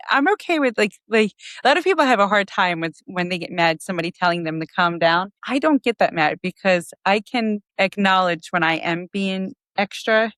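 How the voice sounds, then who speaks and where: Earnest woman, low voice, dry mic. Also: a bit bright, no echo. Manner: earnest, self-reflective, many fillers. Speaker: podcast co-host. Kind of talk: casual chat.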